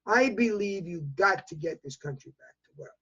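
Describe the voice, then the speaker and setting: A man's voice: sits high, animated, moderate pace, a bit bright. A man in his eighties with a New York accent, speaking emphatically as a news interview guest over a video call. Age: 80s. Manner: emphatic, repetitive, talks in bursts. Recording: dull lo-fi video call audio.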